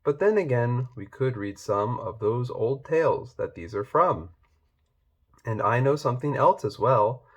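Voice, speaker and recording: Man, picture-book reader, rhyming read-aloud, slow pace, mid pitch. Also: animated. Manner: slow, rhyming storybook reading.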